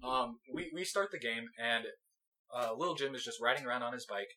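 Fast-talking bright young man telling a story. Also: medium pitch, low-quality recording. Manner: rambling, laughing, acts out quoted voices. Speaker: podcast host. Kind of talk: casual storytelling chat.

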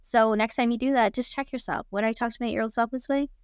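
A woman's voice: a little high, steady tone, fast talker, clear, resonant tone, dry recording, studio quality. A woman guest on a podcast, an author speaking directly and encouragingly, acting out quotes. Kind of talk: casual podcast chat.

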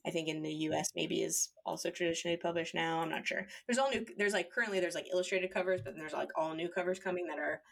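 A woman co-hosts a podcast in a relaxed chat, her lowish voice gravelly and fast with few pauses. She talks loosely, laughs often, and fills her speech with lots of "like."

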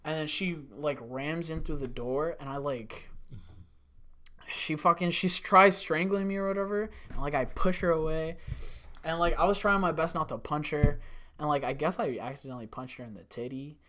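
A man's voice: on the high side, normal speed, fairly bright tone. A young man rambling through a profane workplace story in casual chat, full of "like". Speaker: storyteller, former restaurant worker.

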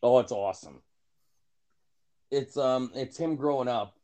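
A man's voice: medium pitch, a little slow, mellow. A man chatting casually on a podcast, telling self-mocking jokes in a rambling, profane way full of restarts. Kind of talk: casual chat.

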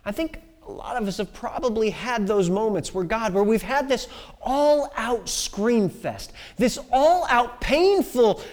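A woman preaching a personal testimony sermon, telling a story with pauses and sudden soft drops in her voice. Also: on the high side, animated. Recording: long reverb of a large hall.

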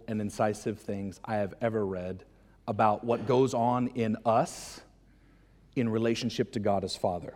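A man preaching a sermon as pastor, casual and animated, breaking into excited high-pitched voices to act out lines. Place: church hall. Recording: long hall reverb.

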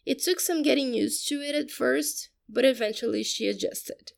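A woman narrating a story in a steady, even audiobook style. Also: high voice, normal speed, vocal fry.

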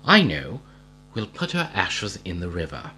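A man reading a story aloud and voicing a bold, inventive young girl who gives brisk, matter-of-fact orders. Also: sits low, wildly swooping pitch, sharp tone, slight background noise, full character voice.

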